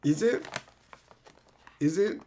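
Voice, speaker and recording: A middle-aged man ranting sarcastically at his live chat in casual, profane talk, breaking into loud mocking outbursts. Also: on the high side, animated, takes it slowly, slight background noise. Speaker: streamer reading live chat.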